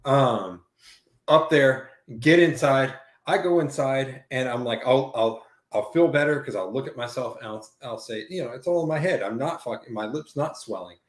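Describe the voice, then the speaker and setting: A man telling a long, profane story in casual chat, rambling and animated as he acts out what people said. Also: medium pitch, normal speed. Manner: profane, rambling, animated retelling with quoted dialogue. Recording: roomy echo.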